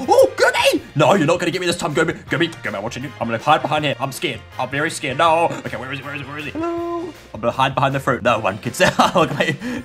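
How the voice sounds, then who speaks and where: A young man giving excitable, goofy gameplay commentary as a channel host, yelping and shouting at sudden moments. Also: on the high side. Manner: goofy self-mocking banter.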